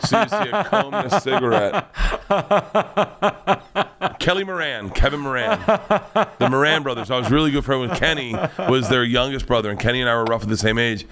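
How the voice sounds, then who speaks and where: A mid-range male voice belongs to a guest comedian telling a rambling, swear-filled story in easygoing conversation, with quick restarts and a lively retelling.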